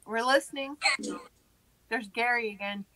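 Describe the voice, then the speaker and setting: A woman's voice: on the high side, unhurried, bright, forceful tone, no room sound, low-quality recording. A woman hosting a live spirit-box session, talking in a soothing, sympathetic, reassuring way. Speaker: paranormal investigator host.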